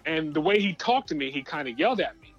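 A regular male guest on a sports podcast tells a personal story in an animated, halting way full of uhs and restarts. His voice sits a little high. The line sounds somewhat dull, with faint music underneath. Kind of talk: casual storytelling.

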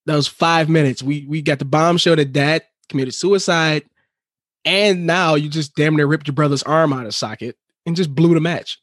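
A man reacts to a TV episode with a co-host, full of excitement and casual swearing. His voice sits a bit high for a man, and the recording is dry and close with no room sound. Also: moderate pace, dry recording. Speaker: podcast co-host. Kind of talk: casual recap chat.

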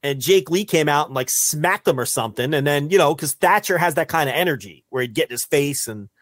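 A man's voice: a little high, fairly quick, dry recording. A man co-hosting a podcast in casual, profane, rambling chat. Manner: animated, profane, rambling with restarts. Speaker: podcast co-host.

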